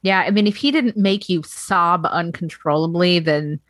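Lower-voiced woman in wry film chat. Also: moderate pace, fairly bright tone, dry recording. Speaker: film podcast panelist. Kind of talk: casual film discussion.

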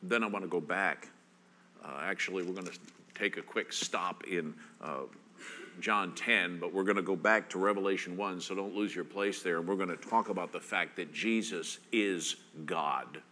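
A man's voice: sits low, bright, forceful tone, slight background noise. A man preaching a sermon as pastor, reading scripture aloud with rising emphasis. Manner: reads scripture with rising emphasis, slow and deliberate.

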